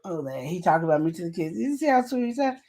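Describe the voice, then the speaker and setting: Animated woman co-host, chatty. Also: on the low side, fast. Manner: animated, acts out quoted voices; laughs often. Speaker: podcast co-host. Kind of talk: casual chat reading viewer comments.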